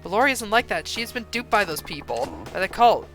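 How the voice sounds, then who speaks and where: A man's voice: high voice, expressive, fairly quick, creaky, fairly bright tone, soft background music, heavily acted. A man putting on a frantic pleading mother. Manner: pleading, anxious, earnest. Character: worried middle-aged mother pleading for her daughter. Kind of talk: reading game dialogue aloud on a stream.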